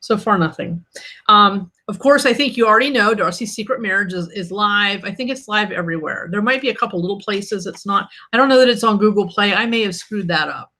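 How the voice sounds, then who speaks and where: Woman author on her own live stream, bright tone, kinda snarky and annoyed, laughs it off. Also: mid-range voice, a little fast. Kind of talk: casual live-stream chat.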